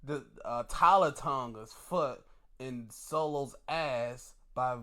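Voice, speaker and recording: Speaking slowly in a mid-range voice, this man talks through wrestling shows in a casual review. He gets excited, swears freely, and frequently hams up mock indignation.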